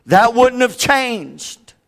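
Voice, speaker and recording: A man preaching a sermon, with big dramatic swings from loud high peaks to hushed low stretches. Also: very animated, very slow.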